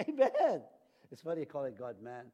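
An older man preaching a sermon in a lively, animated way, often laughing and acting out the voices he quotes. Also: medium pitch, normal speed, breathy edge.

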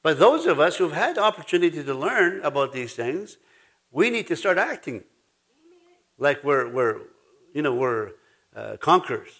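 Male pastor, slightly high voice, preaching in a rambling, anecdotal style with frequent restarts. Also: sing-song, moderate pace, fairly bright tone. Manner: rambling storytelling with restarts and laughs. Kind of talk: sermon.

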